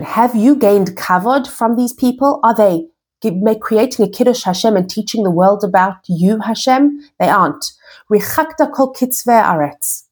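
A woman giving an expressive recorded lesson on scripture, reading Hebrew verses and explaining them in English. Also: a little high, breathy edge. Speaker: Torah teacher.

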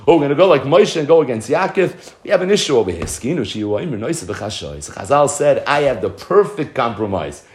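A man's voice: medium pitch, sing-song, fast, hardly any pauses, darkish tone, slight background noise. A man teaching a Talmud lesson, quoting Hebrew and Aramaic phrases, translating them into English and asking rhetorical questions. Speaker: Torah teacher.

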